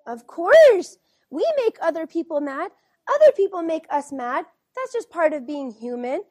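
A woman teacher reading a picture book aloud to children, gently asking them questions as she goes. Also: very high-pitched, big pitch swings, normal speed, no echo, clean studio sound. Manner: gentle, questioning, keeps checking in with the kids.

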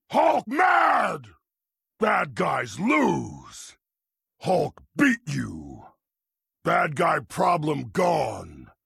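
A man's voice: fairly high pitch, fairly bright tone, dry recording, studio quality, full character voice. An actor playing a huge green male brute full of rage, roaring in blunt, broken third-person speech for video game voice lines. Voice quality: gravelly roaring voice.

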